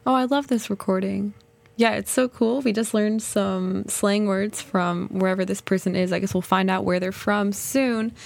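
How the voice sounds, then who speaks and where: A woman's voice: medium pitch, fairly even intonation, moderate pace, vocal fry, a little mellow. A woman hosting a podcast, chatting casually and enthusiastically as she explains pronunciation. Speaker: podcast host.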